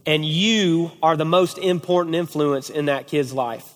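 A man preaching as a family pastor, his voice sitting a little high for a man. He tells stories in an animated way and keeps checking in with "okay?". His words carry with a long reverb through the church hall. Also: unhurried. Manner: animated storytelling, repeated "okay?". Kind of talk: sermon to a men's group.

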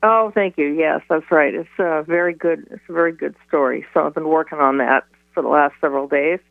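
A woman astrologer, a guest on a radio interview by phone, chatty and quick to laugh, with many restarts. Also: low voice, vocal fry, no echo. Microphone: telephone. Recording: tinny phone line.

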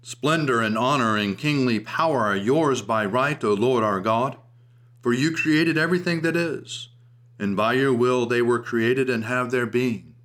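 A man giving a steady, reverent recitation of prayers and a devotional reading in a liturgical service. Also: medium pitch, measured pace.

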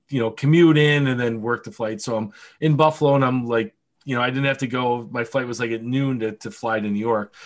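A man on a casual podcast, telling animated anecdotes full of swearing and laughter. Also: mid-range voice. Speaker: podcast co-host. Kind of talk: casual storytelling chat.

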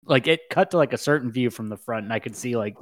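A man co-hosting a podcast, chatting casually with quick interjections and lots of laughter. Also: mid-range voice. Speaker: podcast co-host. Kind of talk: casual chat.

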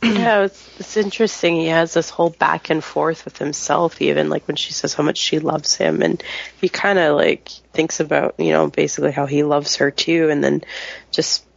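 A woman co-hosting a podcast, chatting casually about a book with quick, giggly asides. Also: sits low, fairly even intonation, gravelly. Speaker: podcast co-host. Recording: dull lo-fi sound.

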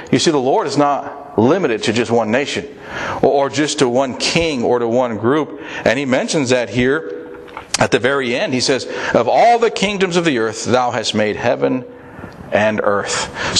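A man preaching a sermon in an earnest, conversational way, often asking his listeners direct questions. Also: medium pitch. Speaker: pastor.

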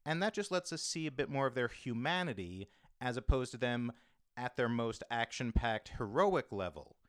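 A man hosting a casual roundtable chat about tabletop games, explaining things briskly. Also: medium pitch, lively intonation, smooth, dry recording, clean studio sound. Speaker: podcast host and game master.

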